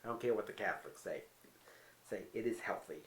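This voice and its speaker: A man's voice: lowish voice, a little fast. A man vlogging casually from his apartment, telling stories with wry, candid, self-mocking humor. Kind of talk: casual home vlog storytelling. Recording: roomy echoey room.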